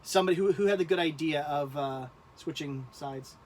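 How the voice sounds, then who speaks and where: High-voiced man rambling on a livestream. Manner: rambling, halting, laughs often. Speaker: livestream host. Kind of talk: casual livestream chat.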